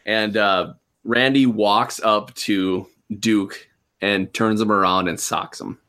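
A man's voice: on the low side, fairly even intonation, takes it slowly, fairly bright tone. A man playing a tabletop game, laid-back and jokey. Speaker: player. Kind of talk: casual tabletop role-play chat.

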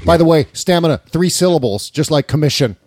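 A man's voice: fairly high pitch, lively intonation, fairly quick, darkish tone, dry recording. A man co-hosting a political podcast, talking in a sarcastic, mocking way into a studio microphone. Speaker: podcast co-host. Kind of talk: casual political podcast chat. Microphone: studio mic with headphones.

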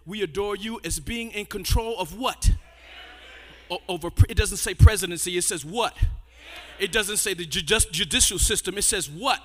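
A man preaching and praying in church, shouting and half-singing his phrases, often stammering and repeating words. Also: high-pitched, normal speed. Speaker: pastor. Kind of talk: fiery sermon and prayer.

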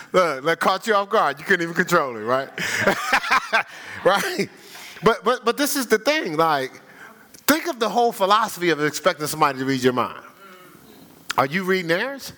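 Older male pastor, humorous sermon delivery, bright lively voice. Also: high voice, normal speed. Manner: lively, humorous, laughing with the congregation; acts out voices of people he quotes. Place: church sanctuary.

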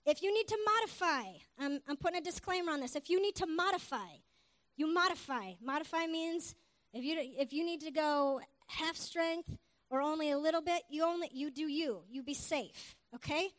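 A woman preacher giving a lively sermon, telling stories and calling out to her congregation. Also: sits high, normal speed. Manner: animated, exclaims hallelujah, calls to the congregation. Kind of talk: sermon with storytelling.

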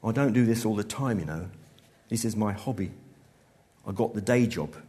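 A man's voice: on the low side, normal speed, mellow, natural voice. A man reading aloud, voicing a brash young male stand-up comic who bellows and swaggers. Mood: cocky. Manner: bellowing, swaggering stage patter.

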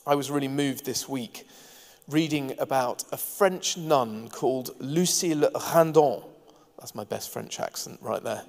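A man's voice: fairly high pitch, darkish tone. A man preaching a sermon as pastor, earnest and engaging, with light asides to the congregation. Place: church hall. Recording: long hall reverb.

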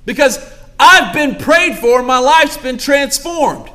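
A man's voice: extremely high pitch, animated, slow pace, bright, forceful tone. A young pastor preaching a sermon to his congregation, calling out asides and asking for amens. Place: church sanctuary.

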